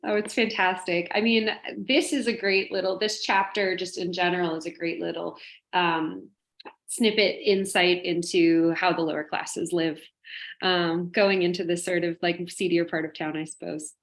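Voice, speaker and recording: Woman with a lowish voice talking books, fast and sharp, laughs a lot. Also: fairly even intonation. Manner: quick, analytical, laughs easily. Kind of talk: casual literary discussion.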